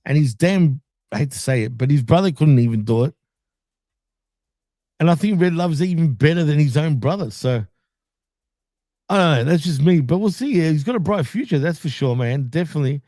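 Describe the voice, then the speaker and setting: A man's voice: a little high, lively intonation, a little fast, mellow, no echo, clean studio sound. A man co-hosting a casual wrestling podcast, recapping episodes in a laid-back way, laughing often and swearing freely. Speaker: podcast co-host.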